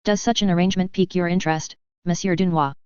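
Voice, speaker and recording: A reader voicing a calm, determined young man, a former mech pilot, who speaks in a measured, composed way. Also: medium pitch, clean tone, no room sound, muffled recording, close to an everyday voice.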